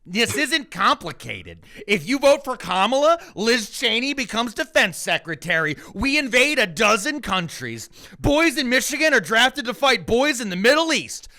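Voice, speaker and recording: A sneering political aide, as a man mockingly puts him on, sounding pitched up, loud and bright. The delivery is broad and exaggerated, with the lines punched out hard. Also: big pitch swings, normal speed, exaggerated voice.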